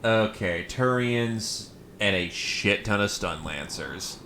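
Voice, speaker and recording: A man's voice: lowish voice, expressive, takes it slowly, bright, forceful tone, slight background noise. A male streamer giving casual commentary on a strategy game, rambling and correcting himself with lots of fillers.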